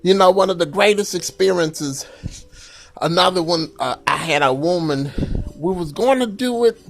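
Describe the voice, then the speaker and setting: A man doing a stand-up comedy set, telling loose, rambling stories full of "you know" and jumping into a shrill falsetto wail for panicked bits. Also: normal speed, vocal fry, faint music behind.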